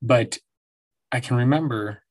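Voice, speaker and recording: Husky and unhurried, his mid-range voice carries a casual monologue recorded at home. The man, in his forties, hosts his own podcast and spins rambling, profane stories while laughing a lot.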